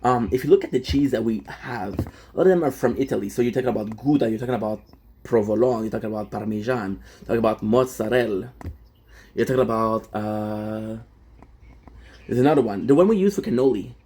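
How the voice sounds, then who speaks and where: Husky French-Canadian man chatting live. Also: medium pitch, a little fast, warm tone. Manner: rambling, answers chat comments, many fillers and restarts. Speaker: livestreamer. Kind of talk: casual live-stream chat.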